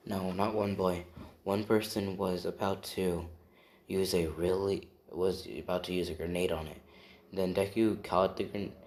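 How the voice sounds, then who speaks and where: A man's voice: low-pitched, darkish tone, reverberant. A man improvising a fan story aloud, rambling and often correcting himself as he goes. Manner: rambling, self-correcting, tells it off the cuff.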